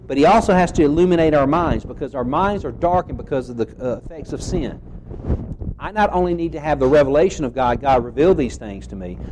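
A man preaching an expository sermon, reading scripture slowly and asking rhetorical questions as he teaches. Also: fairly high pitch, warm tone, slight background noise, rough recording.

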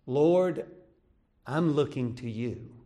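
A male pastor preaching a sermon, swinging between raised, emphatic cries and hushed, quiet passages. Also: medium pitch, expressive, slow. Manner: preaching with rising shouts and hushed drops.

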